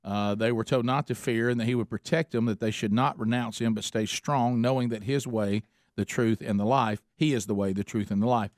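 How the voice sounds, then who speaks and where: Speaking briskly in a steady, mid-range voice, this middle-aged radio host chats and tells stories earnestly, filling his sentences with "uh." It's studio quality with no room sound, captured on a studio mic.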